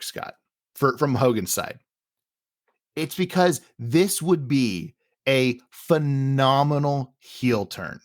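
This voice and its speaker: Dude cohosting a podcast, laughs a lot, super animated, dry close sound. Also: male voice, medium pitch, dry recording. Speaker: podcast co-host. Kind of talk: casual chat.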